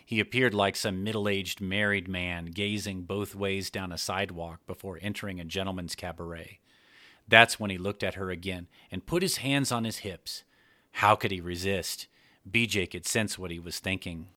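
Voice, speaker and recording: A man narrating an adult fiction story in a measured storytelling manner. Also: sits low, fairly even intonation, pushed and bright, no room sound, clean studio sound.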